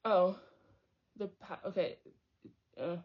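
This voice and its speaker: On dull lo-fi audio, a young woman with a lowish voice takes her time reading a book aloud, stumbling over hard words and breaking away into chatty digressions as she comments.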